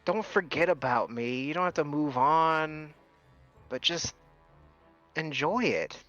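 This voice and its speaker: A man voicing a gentle dead fiance who has come back as an angel, speaking tenderly and reassuringly. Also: on the high side, takes it slowly, highs cut off, faint music behind.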